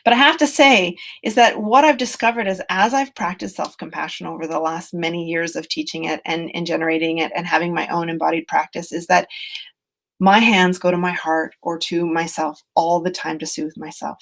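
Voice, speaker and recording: A middle-aged woman educator giving a webinar on self-compassion, speaking gently and earnestly in a conversational way with many fillers, over a computer mic. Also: fairly low pitch, steady tone, a little fast, vocal fry. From British Columbia, Canada.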